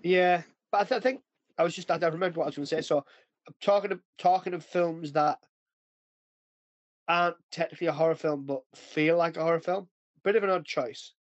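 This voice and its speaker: A man's voice: a little high, fairly even intonation, a little fast, no room sound, highs cut off. A man hosting a podcast in casual chat, rambling, often losing his train of thought and laughing. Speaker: podcast host.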